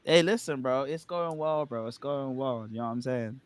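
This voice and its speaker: A man's voice: mid-range voice, normal speed, crowd noise. A man from Nigeria, chatting casually on a stream, telling stories with lots of laughs and a lot of "bro". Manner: animated storytelling, laughs often, says bro a lot. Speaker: stream co-host. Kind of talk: casual chat.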